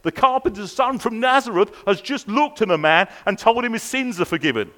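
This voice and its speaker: Earnest male preacher with a fairly high voice. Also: lively intonation, a little fast, hardly any pauses, a bit bright. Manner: earnest, repeats rhetorical questions. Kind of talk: sermon. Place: church service. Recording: long reverb of a large hall.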